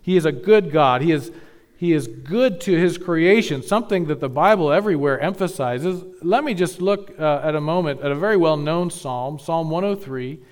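A man preaching a sermon, teaching carefully with measured emphasis and occasional restarts. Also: fairly high pitch, lively intonation. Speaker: pastor.

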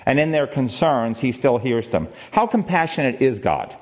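Preaching in a conversational style, a pastor keeps restarting sentences, drops in fillers, and asks his congregation rhetorical questions. His mid-range voice has a sing-song quality at a moderate pace, heard through a muffled recording.

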